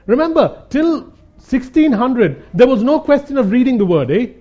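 A man with a high, mellow voice gives a conversational sermon as a Bible teacher. He is earnest, circles back to hammer home each point, and keeps calling his listeners "guys". The recording sounds dull and lo-fi. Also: big pitch swings, moderate pace. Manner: earnest, repeats points for emphasis, calls the audience "guys".

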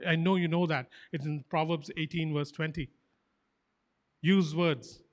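A man's voice: a little high, a little slow. A man preaching a sermon as pastor, emphatic and fervent, repeating short phrases for stress. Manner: fervent, animated exhortation.

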